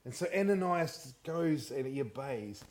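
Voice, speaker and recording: A man's voice: mid-range voice, unhurried. A man preaching a sermon as pastor, often asking the congregation questions. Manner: animated, asks the congregation questions.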